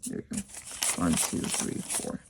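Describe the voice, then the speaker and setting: A woman's voice: measured pace, heavy background noise. A woman chatting casually to her viewers while doing a cash savings challenge, repeating herself for emphasis.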